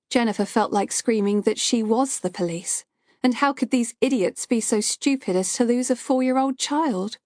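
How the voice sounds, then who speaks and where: A woman reading a psychological thriller audiobook in a steady, measured way. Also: a little high, dry recording, clean studio sound. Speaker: narrator.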